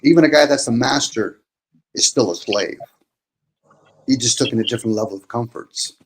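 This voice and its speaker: A man's voice: medium pitch, normal speed, husky, low-quality recording. A man hosting a casual chat, talking bluntly and profanely in long rants.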